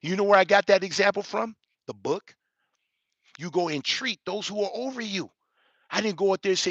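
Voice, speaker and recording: A man in his forties, an elder, telling a personal story with emphatic rhetorical questions and building toward near shouting. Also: high-pitched, fairly quick, no echo, highs cut off. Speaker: elder giving a reaction commentary. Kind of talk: animated personal storytelling commentary.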